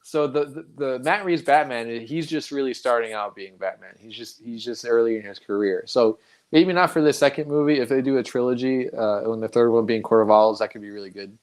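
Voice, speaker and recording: A man in a casual livestream chat, speaking at a mid pitch. He is relaxed and a little hesitant, restarting phrases as he thinks aloud. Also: a little fast.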